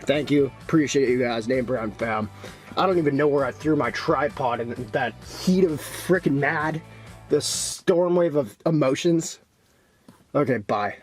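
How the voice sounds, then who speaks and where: A young man talking casually in a vlog, excitable and swinging between hype and frustration. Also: mid-range voice, a little slow, soft background music. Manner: excitable, swings from hyped to deflated and angry. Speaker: vlogger.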